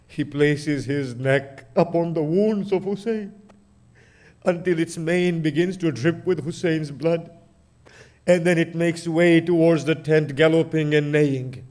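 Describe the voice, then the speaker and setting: Slow, mournful male preacher. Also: a little high, warm tone. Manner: dramatic, grieving. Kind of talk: mournful sermon narration.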